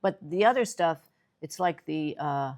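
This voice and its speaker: An older woman from New York City, co-hosting a casual chat and telling stories with lively, rising excitement. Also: a little slow. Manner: animated storyteller, voice jumps high when excited. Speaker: co-host.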